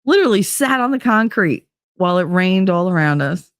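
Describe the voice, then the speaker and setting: Her voice is fairly low but lively in intonation, and she talks briskly as she hosts her podcast. She spins a long, rambling personal tale stuffed with "like" fillers, captured at studio quality without echo.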